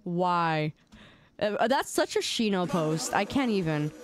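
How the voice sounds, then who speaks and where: A woman's voice: mid-range voice, very animated, moderate pace, music in the background. A woman streaming, chatting casually and reacting to memes with playful, mock-indignant whining and teasing.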